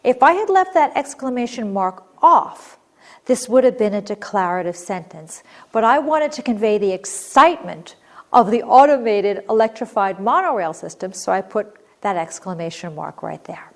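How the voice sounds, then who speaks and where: A woman leads a recorded grammar lesson, reading example sentences clearly and expressively before explaining them. Her mid-range voice is animated and moves at normal speed.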